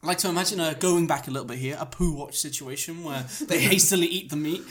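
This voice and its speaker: A woman's voice: sits low, fast. A woman telling a comic story on a podcast, rambling and playful, often laughing. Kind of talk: casual comedic storytelling.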